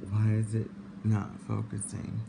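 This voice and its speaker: A man's voice: fairly low pitch, unhurried, gravelly. A man vlogging to camera in a dramatic, panicky, flamboyant way. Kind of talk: casual vlog talk to camera. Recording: noisy recording with steady background noise.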